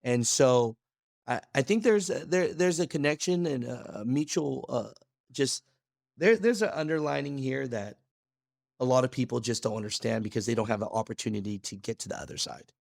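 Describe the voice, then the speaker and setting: A man talking as a podcast guest in a casual chat, an energetic storyteller who acts out quoted dialogue and restarts his sentences often. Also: medium pitch, moderate pace, vocal fry, no room sound, studio quality. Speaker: podcast guest, trucking video creator.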